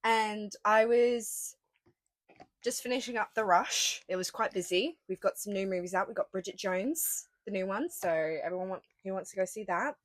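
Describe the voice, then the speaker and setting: A woman's voice: medium pitch, normal speed, dry recording. A young woman with an Australian accent, co-hosting a casual podcast and telling stories with swearing and laughs. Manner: animated storytelling with laughs and swearing. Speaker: podcast co-host. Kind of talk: casual chat.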